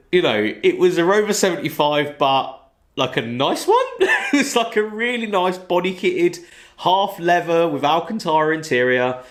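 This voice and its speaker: A man spinning a car-swap yarn in a relaxed, meandering way, forever slipping in "you know". His voice sits a touch higher than most men's. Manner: rambling, peppered with "you know". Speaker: car channel host. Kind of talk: casual storytelling.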